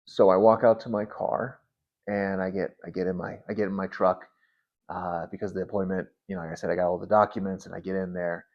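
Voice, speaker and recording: Low-voiced man telling an earnest testimony. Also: little pitch movement, lo-fi sound. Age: 30s. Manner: earnest, halting, repeats words as he restarts. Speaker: Christian vlogger. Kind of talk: personal testimony storytelling.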